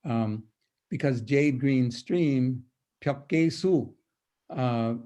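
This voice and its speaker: An older man giving a poetry lecture over a video call, reading verses slowly and dramatically before explaining them. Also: mid-range voice, dark tone, highs cut off.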